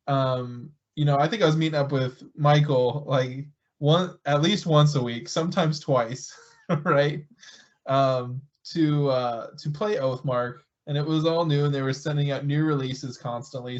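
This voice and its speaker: A man in casual podcast chat, telling a relaxed story about starting the show, with small chuckles. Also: on the high side, highs cut off. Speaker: podcast founder.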